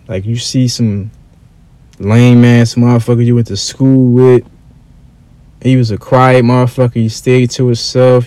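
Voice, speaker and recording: A man with a low, dark voice rants casually to camera. He is blunt and profane, and he keeps looping back over his points with stumbles and restarts. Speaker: vlogger.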